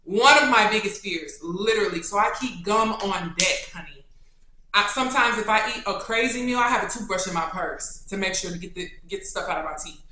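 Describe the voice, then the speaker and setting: A young adult woman vlogger answering questions in a casual, chatty, animated way. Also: mid-range voice, fairly quick. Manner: chatty and animated, turning tender and choked up. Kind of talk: casual Q&A chat to camera. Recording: echoey room.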